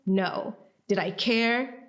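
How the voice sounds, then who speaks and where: A woman from Atlanta, a guest on a podcast interview, telling her story in a lively way and acting out the voices of people she quotes. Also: medium pitch, takes it slowly. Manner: animated, acts out quoted voices.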